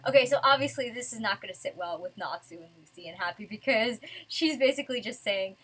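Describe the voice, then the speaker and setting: A woman's voice: a little high, expressive, fast, hardly any pauses, a bit bright, husky, rough recording. A woman reviewing a manga chapter in a casual, rambling way, giggling and full of fillers.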